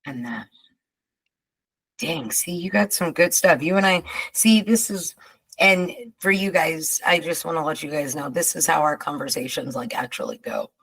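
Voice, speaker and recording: Woman podcast host, lowish voice, emphatic, chatty delivery with loose asides. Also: creaky, husky, rough recording. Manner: emphatic and expressive, drawn-out asides. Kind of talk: casual chat.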